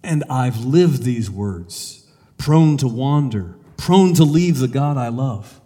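A man voicing a remorseful middle-aged poet, speaking slowly and heavily in confession. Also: medium pitch, expressive, warm tone, long reverb tail.

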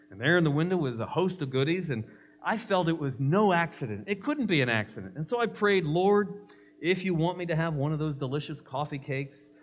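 A man voicing a dieting businessman earnestly justifying a coffee cake in a sermon joke. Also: a little high.

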